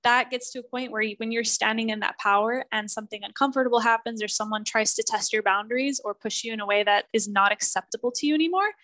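Woman, 30s, podcast guest coach; higher register, earnest and emphatic, dry close sound. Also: fast, hardly any pauses, bright, forceful tone, no echo, poor audio. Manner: earnest and emphatic, acts out quoted voices. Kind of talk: podcast interview conversation.

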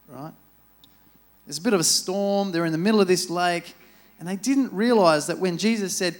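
At a normal speed and in a high-pitched voice, a man preaches into a microphone inside a church. The sermon comes across as casual storytelling, with quotes he acts out along the way.

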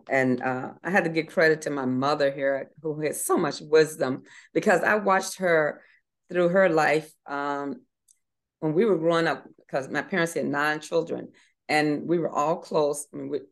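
A middle-aged woman giving an earnest faith testimony in an interview, with fillers and restarts, acting out voices in her story. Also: deep voice.

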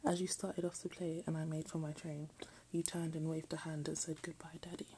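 A woman reading a text aloud in a soft, often half-whispered voice, breaking off for self-mocking jokes. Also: sits low, little pitch movement, brisk, slight background noise, rough recording. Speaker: reader.

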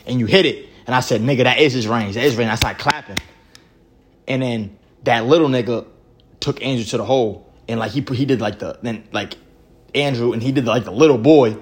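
A man's voice: medium pitch, a little fast. A man co-hosting a podcast, retelling a pickup basketball game in casual, profane slang. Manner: animated storytelling, profane slang. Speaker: podcast co-host. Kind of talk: casual chat.

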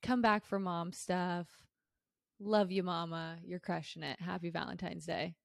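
A woman's voice: on the low side, fairly even intonation, unhurried, gravelly, no room sound, studio quality. A young woman co-hosting a podcast, upbeat and playful, teasing her co-host and wrapping up the show. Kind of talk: casual chat.

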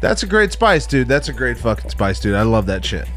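A male podcast host with an average pitch who talks loosely and swears a lot. He eggs his co-hosts on with "attaboy" and "baby". Faint music plays behind him. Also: big pitch swings, brisk, a bit bright. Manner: hypes guests, swears freely, calls people baby. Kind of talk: casual chat.

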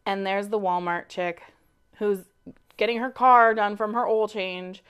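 A woman co-hosting a podcast, telling a story in animated casual chat and swearing freely. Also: mid-range voice, unhurried, clear, resonant tone. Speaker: podcast co-host.

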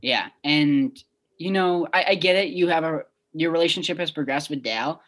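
A young woman co-hosting a podcast in casual chat, recapping events in a measured way. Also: deep voice, fairly bright tone. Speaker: podcast co-host.

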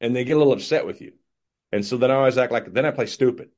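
A man giving casual sales coaching, lively and acting out customer conversations. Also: medium pitch, rapid-fire. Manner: animated, acts out customer dialogues.

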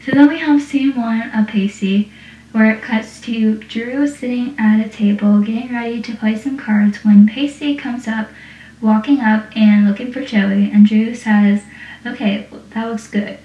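A woman's voice: a little high, fairly even intonation, measured pace, mellow. A woman casually recapping a TV episode, rambling and saying "like" often. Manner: rambling, heavy use of "like". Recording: echoey room, distant dull mic.

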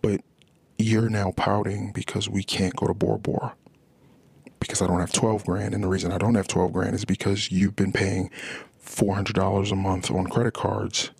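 A man's voice: low voice, level tone, normal speed, vocal fry, darkish tone, breathy edge, dry recording. A man hosting a podcast, venting in a rambling, frustrated monologue about his marriage. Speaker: podcast host.

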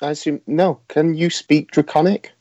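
Quick playful player, dull lo-fi sound. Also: medium pitch, steady tone, mellow, no echo. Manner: quick, playful in-character asides. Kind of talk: casual tabletop game chat. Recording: dull lo-fi dry mic.

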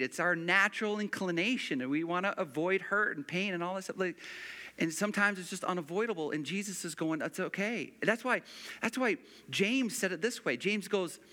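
Male preacher with a piercing bright tone; earnest, repeats himself for emphasis. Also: sits high, big-room sound. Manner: earnest, emphatic, repeats phrases, slows down on key words. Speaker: pastor. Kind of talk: sermon.

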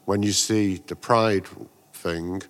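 A man's voice: deep voice, fairly even intonation, slow pace. A man in a casual interview, telling rambling anecdotes full of slang and restarts. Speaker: guest, graffiti artist and painter.

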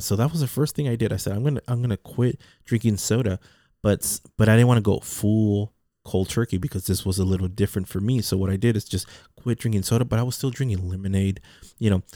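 A man's voice: fairly low pitch, warm tone, no room sound, studio quality. A man talking casually in a rambling monologue, repeating words and restarting his sentences. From Mexican heritage.

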